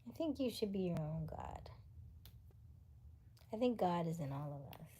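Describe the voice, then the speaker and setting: A woman from the United States hosting a casual late-night livestream, chatting with viewers, reading their comments and dropping into soft whispers. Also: fairly low pitch, animated, moderate pace, slight background noise. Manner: chatty, laughs often, reads viewer comments aloud; drops into soft whispers between remarks. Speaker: livestream host.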